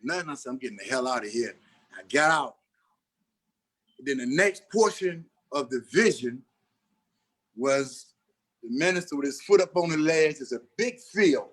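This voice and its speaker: A man's voice: mid-range voice, moderate pace, long pauses. A middle-aged man, an actor being interviewed on a podcast, telling a personal story and acting out the lines of the people in it. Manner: animated storyteller who acts out dialogue.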